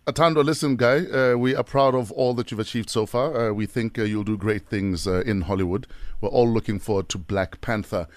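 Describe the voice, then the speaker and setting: A man's voice: fairly low pitch, a little fast, dry recording. Radio host guy, friendly questions, dry studio sound. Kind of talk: radio interview.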